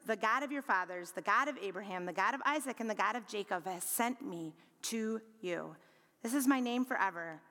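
A woman preaching a sermon, expressive, rising to bright emphasis and dropping to low, quiet lines. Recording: long hall reverb.

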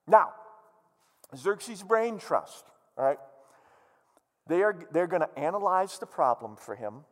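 Animated, theatrical male preacher. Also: a little high, long reverb tail. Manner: animated, joking, theatrical storytelling. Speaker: pastor. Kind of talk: sermon. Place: church hall, live-streamed.

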